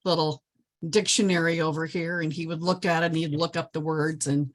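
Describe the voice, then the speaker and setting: A woman's voice: low-pitched, fairly quick. An older woman from Nebraska, a past president of a service club, giving an enthusiastic motivational speech over a video call. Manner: lively, enthusiastic storyteller.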